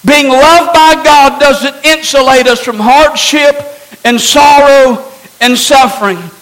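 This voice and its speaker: High, bright-voiced male preacher. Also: slow, poor audio. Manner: emphatic preaching with rhetorical questions. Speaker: pastor. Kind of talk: sermon.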